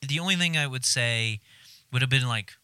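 Animated male co-host, bright voice, dry recording, loose profane chat. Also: medium pitch, moderate pace, clear, resonant tone, no echo. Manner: animated storyteller, swears freely, acts out shouting. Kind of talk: casual chat.

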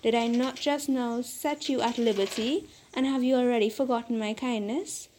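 A woman's voice: on the high side, steady tone, moderate pace, a little mellow, slight background noise, natural voice. A woman voicing a poor, frightened old fisherman who pleads for his life in a storybook reading. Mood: pleading.

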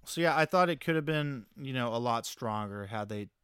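Smooth-voiced man, hesitant and thoughtful. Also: medium pitch, lively intonation, moderate pace, fairly bright tone, no room sound. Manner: thoughtful, hesitant, many fillers and restarts. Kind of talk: casual chat.

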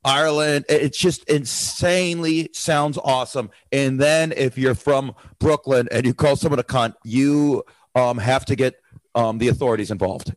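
A man's voice: mid-range voice, moderate pace, no room sound, low-quality recording. A man from the United States, a comedian guest on a talk show, chatting and joking. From USA. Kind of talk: casual chat.

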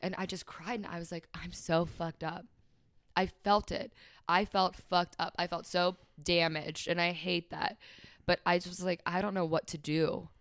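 Young woman speaking candidly, soft-voiced. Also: lowish voice, level tone, normal speed, no echo. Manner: emotional, frequent "like" fillers, quotes others. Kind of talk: candid personal conversation.

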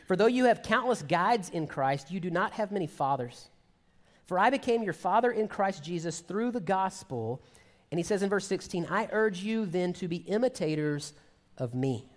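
A man's voice: a little high, big-room sound. A man preaching a sermon in a conversational style, acting out sarcastic paraphrases.

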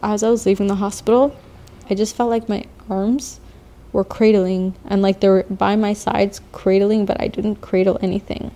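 A woman in her thirties, an interviewee telling her own story in slow, halting testimony with long pauses. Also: medium pitch, little pitch movement, dark tone. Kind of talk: personal testimony. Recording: faint music beneath.

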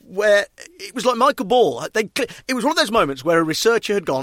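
Animated man telling a story. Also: high voice, fast, no echo, clean studio sound. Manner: animated storytelling, quoting others. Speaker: podcast co-host. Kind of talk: casual chat.

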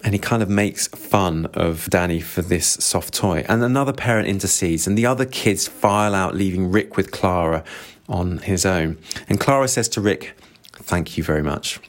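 Deep-voiced man musing over a novel. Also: moderate pace. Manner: reflective, musing aloud. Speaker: book reviewer. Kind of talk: book discussion with read-aloud quotes.

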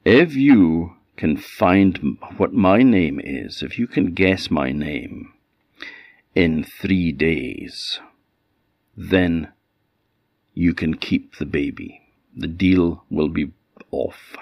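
A man's voice: low voice, very slow, no room sound, highs cut off, heavily acted. A man with an Orkney accent playing a cruel, sly little man who taunts in a clipped way. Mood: demanding. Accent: Orkney Scots.

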